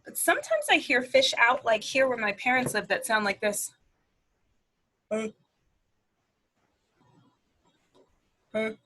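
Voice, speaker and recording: A woman speech therapist reading a picture book aloud to preschoolers, animated and sing-song, making animal sounds. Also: fairly high pitch, a little fast, rough recording. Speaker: speech-language pathologist. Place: at home.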